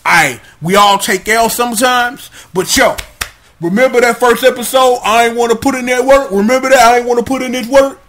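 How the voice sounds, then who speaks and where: A man's voice: very high voice, a little fast, a bit bright, slight background noise. A man voicing a tough, streetwise male wolf warrior who talks slangy and blunt. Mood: scolding. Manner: slangy pep-talk, bossy and blunt.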